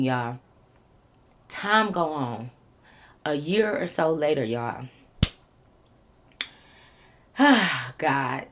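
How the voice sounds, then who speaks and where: Young woman, slightly low voice, animated casual storyteller who curses freely. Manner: animated, swings into loud acted-out quotes, swears freely. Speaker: storytime vlogger.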